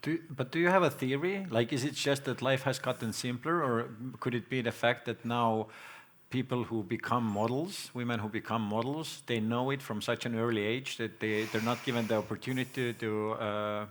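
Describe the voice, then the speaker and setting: A man's voice: mid-range voice, steady tone, normal speed, few pauses, fairly bright tone. A man hosting an onstage talk, asking plain, curious questions. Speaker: host. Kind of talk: onstage interview. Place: gallery hall before an audience.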